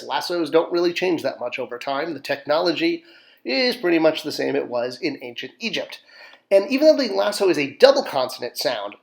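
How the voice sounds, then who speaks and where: Playful man teaching drawing, bit high. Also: creaky. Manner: playful, self-mocking asides while sketching step by step. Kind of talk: jokey online drawing lesson.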